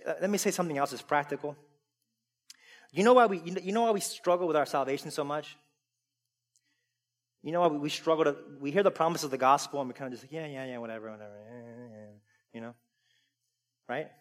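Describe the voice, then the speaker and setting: A man preaching a sermon to a congregation. He asks them questions and climbs from easy conversation to loud, full-voiced preaching. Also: on the high side, fast talker, pauses often. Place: church sanctuary. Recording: long reverb of a large hall.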